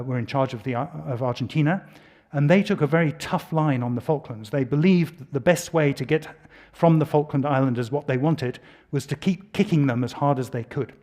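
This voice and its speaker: A man's voice: mid-range voice, a little mellow. British man telling a lecture anecdote. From United Kingdom. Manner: storytelling with restarts and dry asides.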